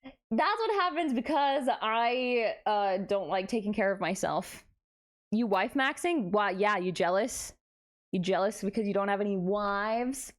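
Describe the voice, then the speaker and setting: A woman's voice: medium pitch, measured pace. A young woman streaming live, chatting playfully with her viewers, tired and giddy late at night and poking fun at herself. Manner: playful, self-mocking, reads chat aloud and answers it. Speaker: VTuber streamer.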